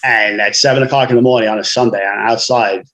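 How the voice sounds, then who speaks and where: A man's voice: fairly low pitch, steady tone, fast talker, a bit bright, rough recording. A man, a guest author telling his life story frankly in casual conversation, often saying "you know".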